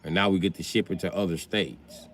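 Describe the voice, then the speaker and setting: A man's voice: low-pitched, steady tone, brisk, fairly bright tone. A man hosting a livestream, ranting crudely and teasing his chat as he riffs off their comments. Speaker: livestream host. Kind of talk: profane comedic rant to chat.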